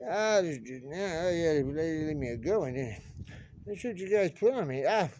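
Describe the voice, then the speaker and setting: A man's voice: fairly high pitch, expressive, fairly quick, darkish tone, dull audio, slight background noise. A man rambling chattily to camera outdoors, repeating himself and talking to the birds, filming one-handed on a phone. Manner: chatty, repetitive, talks to birds. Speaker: vlogger. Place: outdoors on pavement. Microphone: phone camera held in one hand.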